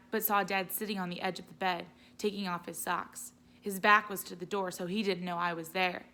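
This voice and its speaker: Teacher lady reading a story out loud, gentle, bright voice. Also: medium pitch. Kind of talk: read-aloud storytelling.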